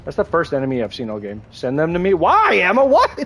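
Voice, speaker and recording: A man's voice: fairly high pitch, huge pitch swings, fast, fairly bright tone, slightly rough. A young man livestreaming a game, talking casually with his viewers in a crude, joking, rambling way, with lots of restarts. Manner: crude, joking, chats with viewers while playing; rambling with frequent restarts and laughter. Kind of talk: casual gaming livestream chat.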